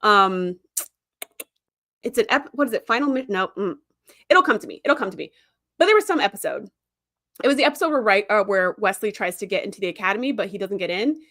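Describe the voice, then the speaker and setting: A woman's voice: medium pitch, very animated, a bit bright, dry recording, clean studio sound. A woman hosting a podcast, chatting enthusiastically about a TV series and reading out live chat comments. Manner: chatty and enthusiastic, with frequent fillers and quick asides. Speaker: podcast host.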